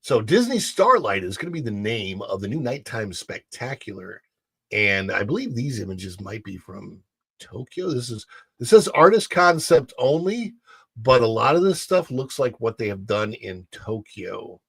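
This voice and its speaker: Very animated, a man hosts a casual livestream at a moderate pace, rambling between news stories that he reads aloud to his chat. His mid-range voice is gravelly and husky, recorded dry.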